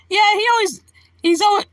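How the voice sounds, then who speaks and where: A high, bright-voiced woman chats with her live-stream viewers, rambling from thought to thought and giggling often. Her voice is crisp and sits close and dry in the recording, with no room around it. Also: no room sound. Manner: rambling, giggly, laughs often between remarks.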